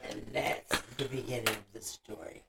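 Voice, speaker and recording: A woman in a casual movie chat, talking in a halting, confused way. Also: extremely low pitch, fairly even intonation, vocal fry, a bit bright, slightly rough. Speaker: co-host. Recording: noisy background.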